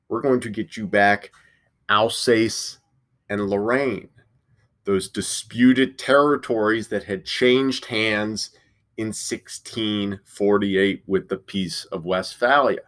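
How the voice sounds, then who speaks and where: A man's voice: on the low side, fairly even intonation, slow pace, fairly bright tone. A male history teacher giving a casual classroom lecture, full of fillers and restarts.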